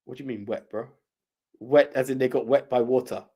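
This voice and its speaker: A man, co-hosting a podcast and rambling about a film with halting restarts. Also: medium pitch, fairly even intonation, mellow. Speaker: podcast co-host. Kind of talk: casual chat, film review.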